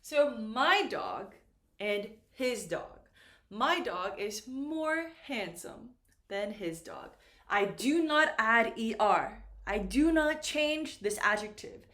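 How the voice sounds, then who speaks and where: Woman teacher at a whiteboard, slightly high voice, echoey room, says everything twice. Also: big pitch swings, fairly bright tone. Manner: slow, patient, repeats key words. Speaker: English teacher. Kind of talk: classroom whiteboard lesson.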